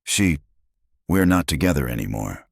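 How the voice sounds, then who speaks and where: A man's voice: rumbling low, very animated, normal speed, creaky, husky, no room sound, studio quality, heavily acted. A man voicing a disgraced ex-husband who stammers and pleads. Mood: desperate.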